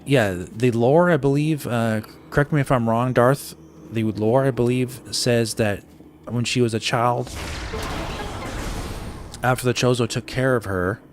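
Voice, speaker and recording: A man's voice: medium pitch, measured pace, slight background noise. A man giving casual live commentary as he plays a game, thinking aloud with lots of fillers and restarts. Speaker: gaming streamer. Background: game music.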